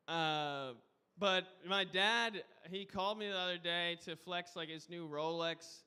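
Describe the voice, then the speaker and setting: A man's voice: sits high, unhurried, bright, forceful tone, smooth. A man guest hosting a live comedy show, doing a loose, rambling stand-up set. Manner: loose, rambling, says dude a lot.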